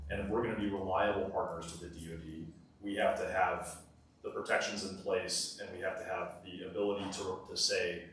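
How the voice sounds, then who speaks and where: A man's voice: low voice, a bit bright. A man speaking as a company executive on a panel, earnest and businesslike, in a large hall. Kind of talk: panel discussion. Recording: echoey hall, mic far off, faint noise.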